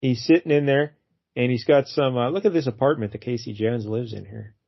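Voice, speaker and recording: A man's voice: mid-range voice, brisk, vocal fry, no room sound, muffled recording. A man co-hosting a casual comic book review show, laid-back and laughing often as he recaps the story. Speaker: podcast co-host.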